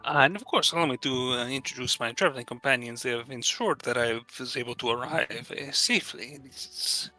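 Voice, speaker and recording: Guy doing a polite gallant gentleman, formal manners, very bright sharp voice. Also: medium pitch, fairly quick, hardly any pauses, soft background music, rough recording. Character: courteous male traveling gentleman.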